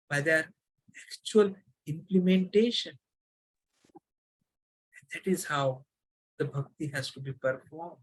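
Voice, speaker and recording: A devotional teacher giving a scripture lesson, chanting Sanskrit verses and then explaining them earnestly, repeating key words for emphasis. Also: medium pitch.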